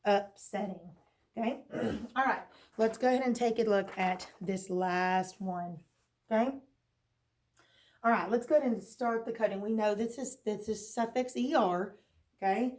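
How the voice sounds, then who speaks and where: Woman teacher, patient, phonics lesson, mid pitch, frequent "okay?" check-ins. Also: a little slow, pauses often, a little mellow. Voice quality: clears her throat now and then. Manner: asks questions then answers them herself. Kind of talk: recorded remote phonics lesson.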